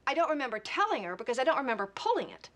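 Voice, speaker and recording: High, bright-voiced defendant, halting and defensive, lively pitch. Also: female voice. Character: woman on trial for two killings, evasive. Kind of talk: TV movie courtroom drama.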